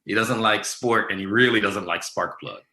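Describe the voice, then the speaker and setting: A man with a fairly low voice and a bright, forward tone answers questions in a relaxed, casual way. He pauses on ums and restarts his sentences as he thinks. The room around him rings with noticeable echo. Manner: easygoing, many ums and restarts. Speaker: guest. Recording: echoey room.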